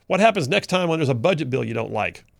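A middle-aged man hosting political talk radio, folksy and sarcastic. His voice is gravelly with a touch of fry, and it sits at an ordinary pitch. It is recorded close and dry in a studio. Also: lively intonation, fast, dry recording. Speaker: radio talk show host.

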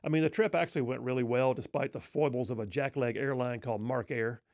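A man's voice: mid-range voice, fairly even intonation, fast talker, no room sound, studio quality. Wry man telling a folksy story. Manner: wry, self-deprecating, folksy. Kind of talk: humorous personal storytelling.

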